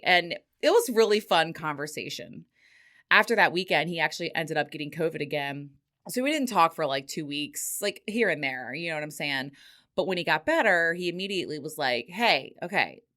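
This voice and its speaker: A woman's voice: deep voice, bright, forceful tone. A middle-aged woman hosting a podcast, telling a story casually and swearing freely, with frequent laughter. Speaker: podcast host.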